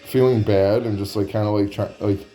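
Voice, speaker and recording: A man's voice: on the low side, steady tone, normal speed, dark tone, soft background music. A man telling a comic story in a rambling, profane way, full of "like" fillers.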